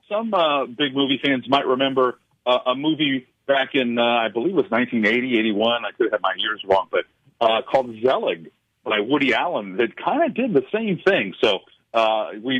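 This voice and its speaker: A male film professor talks as a radio guest, stopping and restarting with frequent uh fillers. His voice sits at a medium pitch. The sound is dry and close but a little muffled, like a radio broadcast. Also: dry recording. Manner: halting, full of uh fillers and restarts. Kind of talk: radio interview chat. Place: radio studio.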